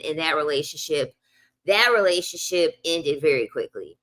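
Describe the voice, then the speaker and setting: A woman's voice: sits low, moderate pace, bright, forceful tone. A young woman telling a casual storytime rant, blunt and profane, repeating lines for emphasis. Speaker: vlogger.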